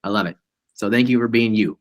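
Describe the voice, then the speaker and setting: A man's voice: fairly low pitch, quick pace, no echo. A man hosting a team video meeting, upbeat and full of praise. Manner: upbeat, effusive praise, says awesome often. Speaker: meeting host.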